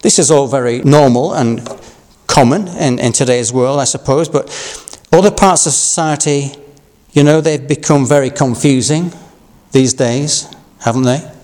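A man from Yorkshire preaching an Easter sermon, reading scripture and talking in a measured, conversational way with asides. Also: mid-range voice, darkish tone. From Yorkshire, England. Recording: long reverb of a large hall.

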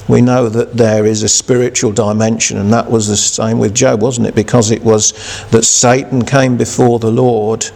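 A man preaching a sermon who reads scripture, then speaks haltingly with many restarts and fillers. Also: medium pitch, creaky, darkish tone, big-room sound.

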